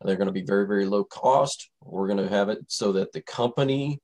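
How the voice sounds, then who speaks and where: Low-voiced, rambling male show host. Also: brisk, darkish tone, low-quality recording. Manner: rambling, loose, lots of fillers. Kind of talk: casual radio show chat.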